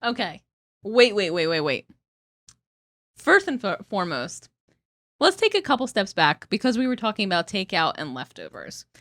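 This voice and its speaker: A woman's voice: mid-range voice, huge pitch swings, normal speed, long pauses, fairly bright tone, dry recording, studio quality. A young woman co-hosting a comedy podcast, teasing and laughing as she talks, swearing casually. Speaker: podcast co-host.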